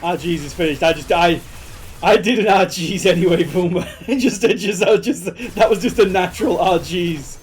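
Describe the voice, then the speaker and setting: A streamer with a Yorkshire accent and a fairly high voice chats through his gameplay. He jokes, swears mildly and grumbles at the screen as he plays. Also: normal speed, slight background noise. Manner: jokey, chatty, swears mildly and mutters to the screen. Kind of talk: casual gameplay commentary.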